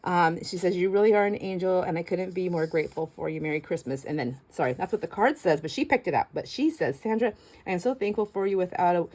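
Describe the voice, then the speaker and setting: A middle-aged woman hosting a casual crafting vlog. She chats warmly to viewers, gushing and laughing, with frequent restarts. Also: fairly low pitch, quick pace, low-quality recording. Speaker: craft channel host.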